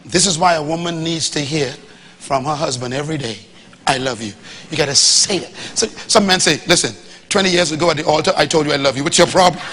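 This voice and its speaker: A man preaching a sermon to a congregation, swinging from loud to hushed and acting out quoted dialogue. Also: fairly high pitch, fast talker, a little hiss or hum. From Bahamas. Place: church hall before a live congregation.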